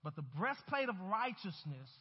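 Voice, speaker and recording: A man's voice: high voice, very animated, normal speed, breathy edge, big-room sound. A man preaching a sermon as pastor, with emphatic rises and calls to the congregation. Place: church sanctuary. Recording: dull, hollow-sounding church recording.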